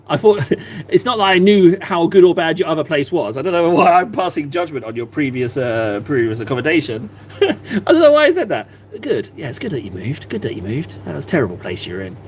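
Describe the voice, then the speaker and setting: A man's voice: on the high side, animated, fairly quick, slight background noise. A man chatting casually on a live stream, self-mocking and rambling as he paints. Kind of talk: casual livestream chat while painting.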